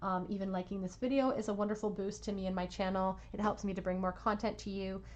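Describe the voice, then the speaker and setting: A woman giving a pick-a-card tarot reading at home, soothing and reassuring, with soft laughs. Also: mid-range voice, steady tone, quick pace, dull audio. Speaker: tarot reader.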